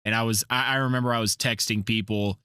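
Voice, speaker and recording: Man, casual podcast chat, profane rambling storyteller, bright tone, dry sound. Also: lowish voice, steady tone, quick pace, clear, resonant tone, no echo. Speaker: podcast host.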